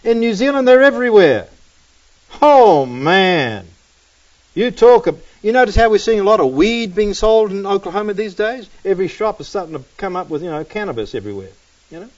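Animated, high-pitched male preacher. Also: fast. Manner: animated, casual, peppered with "man" and "you know". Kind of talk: sermon with storytelling. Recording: dull, distant recording.

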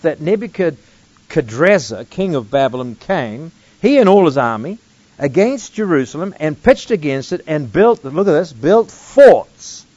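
A man's voice: a little high, a little mellow, dry recording. Man reading scripture with emphatic asides. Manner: reads scripture aloud, then breaks in with emphatic casual asides. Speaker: Bible teacher. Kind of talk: verse-by-verse Bible teaching. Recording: dull lo-fi dry recording.

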